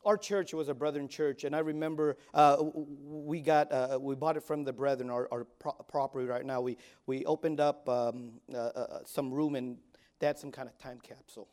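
A youth pastor in his forties preaches a sermon in a steady, medium-pitched voice at normal speed. He alternates between loud exhortation and quiet asides, frequently stammering and repeating words.

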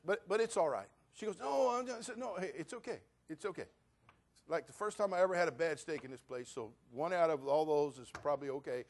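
A male pastor preaching a sermon, swinging from loud rants to quiet asides. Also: fairly high pitch, a little fast, few pauses. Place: church.

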